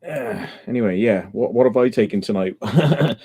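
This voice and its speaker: A man's voice: on the low side, normal speed, dark tone, husky. A man in a casual late-night stream chat, rambling through crude jokes and laughing often.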